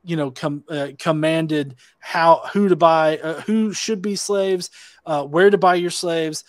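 Higher-voiced man in a debate, dry sound. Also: fairly even intonation, unhurried, no echo. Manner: probing, hesitant, restarts and fillers. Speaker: atheist debater. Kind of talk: online debate.

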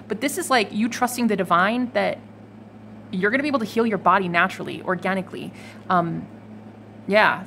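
A woman's voice: medium pitch, creaky, fairly bright tone, a little hiss or hum. Chatty, swearing woman reading tarot. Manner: chatty, swears freely, laughs, talks to viewers. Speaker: tarot reader. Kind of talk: casual tarot reading vlog.

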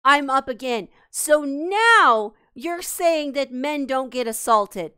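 A streamer with a high, sharp, animated voice rants heatedly to her live chat at a slow pace. Exasperated and angry, she swears freely throughout.

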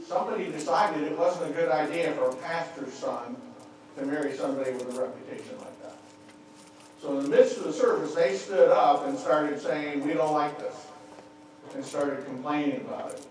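A man's voice: on the high side, recorded from a distance, slight background noise. A man preaching a sermon and telling stories, often repeating words as he restarts. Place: church sanctuary. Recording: echoey church hall, mic from afar.

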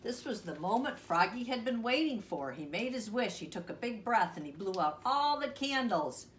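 A woman reading a children's picture book aloud with expressive voices and chatty asides to the listener. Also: fairly high pitch, normal speed, far from the mic. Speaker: storyteller. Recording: echoey room, off-mic, faint hiss.

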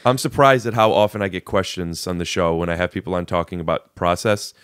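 A man's voice: low-pitched, a little fast, fairly bright tone, smooth, dry recording, studio quality. A man hosting a podcast who interviews his guest, often stopping and restarting his questions. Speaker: podcast host. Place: podcast studio.

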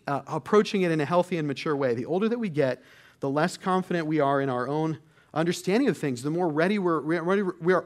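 Earnest male pastor preaching. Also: a little high. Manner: earnest, conversational preaching with frequent restarts. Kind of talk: sermon.

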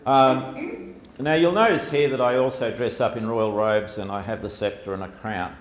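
A man's voice: fairly low pitch, fairly even intonation, moderate pace. A man giving a chatty, humorous public talk with slides to an audience, with lots of fillers. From Australia. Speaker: speaker. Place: lecture hall before an audience. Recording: echoey hall, faint background noise.

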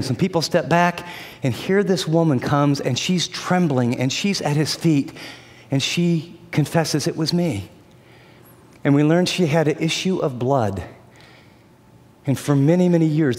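A man preaching a sermon as an animated storyteller who acts out the voices of the people in his story. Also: a little high, long reverb tail.

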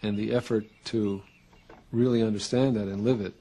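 A man teaching Zen, giving meditation instructions in a calm, measured way with unhurried pauses. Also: on the low side, a little hiss or hum.

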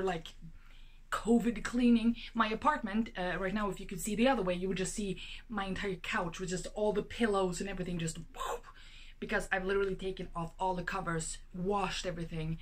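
A young woman vlogging from her apartment as she unboxes a package, chatty and excitable, gasping and exclaiming with lots of fillers. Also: medium pitch. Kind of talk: casual unboxing vlog.

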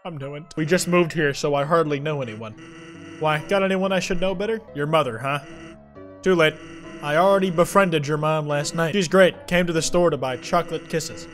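A man's voice: fairly high pitch, moderate pace, a bit bright, faint music behind, lightly acted. A man voicing a laid-back adult male skeleton with a lazy, joking drawl. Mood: easygoing.

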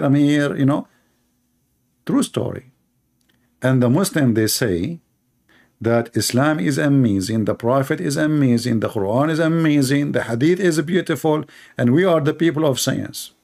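A man's voice: medium pitch, expressive, normal speed, creaky, darkish tone. Sarcastic Arabic-accented man. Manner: sarcastic, broken grammar, repeats words. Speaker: Christian apologist commentator. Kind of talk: mocking monologue.

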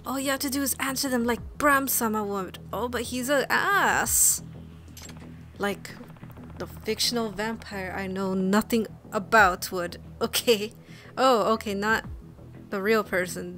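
A woman's voice: medium pitch, measured pace, fairly bright tone, faint music behind. A woman playing a video game, reading the characters' lines aloud and slipping in muttered comments of her own. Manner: reads game text aloud with playful asides and mutters. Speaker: let's play streamer.

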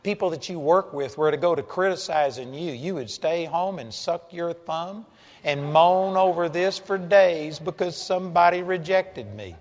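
Male preacher, high-pitched, plain-spoken and joking, dull lo-fi sound. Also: normal speed. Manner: folksy, blunt and joking. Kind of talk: sermon. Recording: dull lo-fi sound with long hall reverb.

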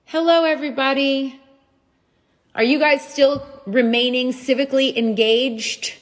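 A woman's voice: high voice, fairly even intonation, unhurried. A middle-aged woman hosting a casual livestream chat from her phone, bubbly and chatty, laughing often. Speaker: livestream host.

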